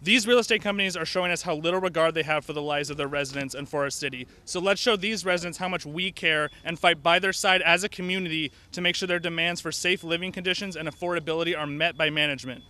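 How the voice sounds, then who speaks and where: A man giving an impassioned speech at a tenant rally outdoors. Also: a little high. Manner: impassioned, forceful, fast. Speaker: rally speaker.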